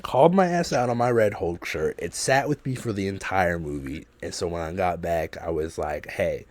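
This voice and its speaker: A man's voice: low-pitched, normal speed, few pauses, dry recording. Dry close-mic man ranting casually. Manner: profane, animated storytelling with laughs. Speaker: podcast host. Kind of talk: casual podcast storytelling.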